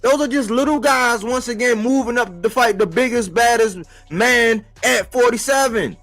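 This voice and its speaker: A man giving a casual, slangy boxing commentary monologue for a live stream, animated and rhetorical, repeating his points. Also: very high voice, moderate pace, faint music behind. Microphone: live-stream mic.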